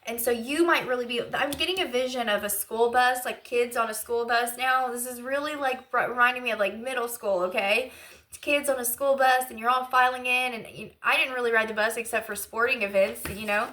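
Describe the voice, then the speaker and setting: A woman working as an intuitive tarot reader gives a channeled reading in a relaxed, rambling way, speaking with open emotion and plenty of fillers as she works through what she senses. Her voice is bright, rather high, and brisk, with a little hiss or hum in the recording.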